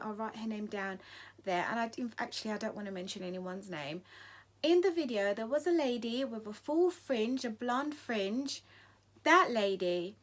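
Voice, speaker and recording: A woman's voice: fairly high pitch, a bit bright. A woman vlogging her opinions, emphatic and indignant, often restarting her sentences when she gets heated. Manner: emphatic, indignant, repeats for stress. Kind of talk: impassioned opinion vlog.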